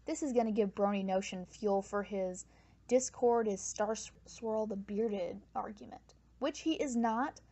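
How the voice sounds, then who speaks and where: A woman's voice: mid-range voice, unhurried, mellow. Wry woman reviewing cartoons. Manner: wry, sarcastic asides. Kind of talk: comedic review commentary. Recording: dull lo-fi mic with faint hiss.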